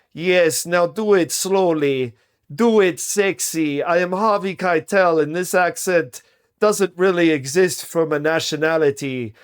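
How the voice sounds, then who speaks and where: A man's voice: on the high side, smooth. A man putting on a pompous older male movie star with a vague, made-up foreign accent, mocking and self-important.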